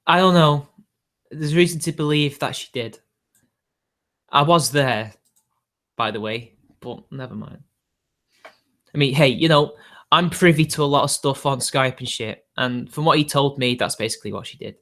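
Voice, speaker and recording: A man's voice: mid-range voice, moderate pace, pauses often, fairly bright tone. A man hosting a casual livestream, talking off the cuff in a rambling, hedging way with frequent chuckles. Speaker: livestream host.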